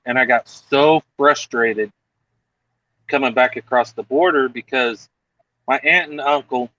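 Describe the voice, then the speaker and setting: A man's voice: mid-range voice, dry recording, lo-fi sound. A man telling a story in casual chat over a video call, acting out the other people in it. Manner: animated, acts out other people's lines.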